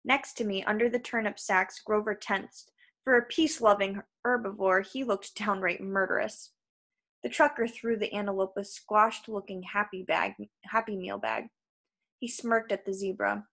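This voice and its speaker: Slow, even woman narrator. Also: medium pitch, creaky. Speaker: audiobook reader. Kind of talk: audiobook narration.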